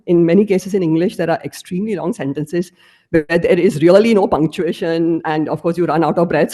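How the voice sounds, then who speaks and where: A woman's voice: lowish voice, a little mellow. A woman lecturer giving an academic presentation, explaining her slides step by step.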